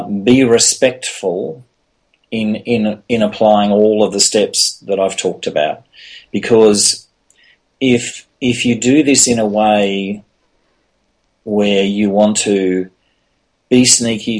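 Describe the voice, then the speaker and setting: Guest, male, low husky voice, earnest and repetitive. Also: darkish tone. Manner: earnest, many restarts and "you know". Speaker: podcast guest. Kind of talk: casual interview talk.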